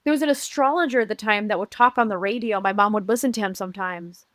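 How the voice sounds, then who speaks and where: Earnest halting woman from Uruguay. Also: medium pitch, a bit bright, no echo. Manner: earnest, halting, many restarts. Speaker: podcast guest. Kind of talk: personal storytelling in conversation.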